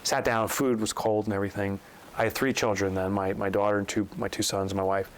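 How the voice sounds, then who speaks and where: Animated storytelling man, voices his quotes. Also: on the low side, quick pace, slight background noise, poor audio. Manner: animated storyteller acting out quotes, rising sharply when incredulous. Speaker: guest, author and business coach. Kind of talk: storytelling in a podcast interview.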